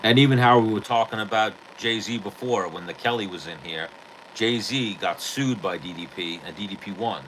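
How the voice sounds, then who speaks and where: Forceful low-voiced man, rambling and profane. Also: moderate pace, slight background noise, poor audio. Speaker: podcast host. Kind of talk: casual storytelling chat.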